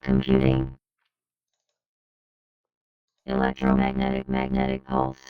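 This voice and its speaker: A man voicing a cold robotic male computer voice in a game, with a flat synthetic monotone. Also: a bass voice, slow, phone-quality sound, music in the background, exaggerated voice.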